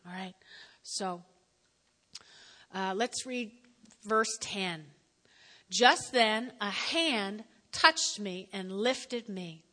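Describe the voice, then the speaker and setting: A woman preaching a sermon, animated and stretching out her emphatic phrases. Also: mid-range voice. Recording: reverberant hall.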